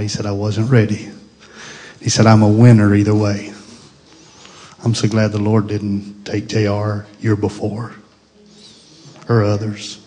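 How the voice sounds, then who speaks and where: A middle-aged pastor preaching a Pentecostal sermon, moving from grief to fervent praise. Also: male voice, fairly low pitch, slightly rough. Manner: grieving then rising to fervent shouted praise.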